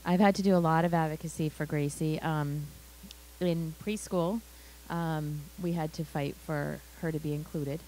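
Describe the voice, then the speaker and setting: A woman on a live community panel who speaks in an earnest, steady way. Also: sits low, normal speed, slight background noise, poor audio. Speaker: parent panelist.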